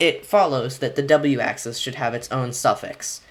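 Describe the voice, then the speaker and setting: A man hosting a casual chat, rambling excitedly with lots of restarts and fillers. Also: mid-range voice, moderate pace. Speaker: podcast host reacting to a video.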